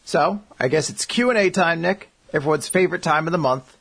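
This podcast co-host has a fairly high, husky voice with vocal fry and speaks fairly quickly. In a casual, joking chat he reads out listener answers, staying animated and doing silly voices for the quotes.

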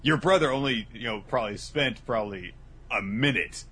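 A man's voice: mid-range voice, normal speed, background noise. A man co-hosting a casual comedic podcast, swearing freely and acting out lines in exaggerated voices. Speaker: podcast co-host.

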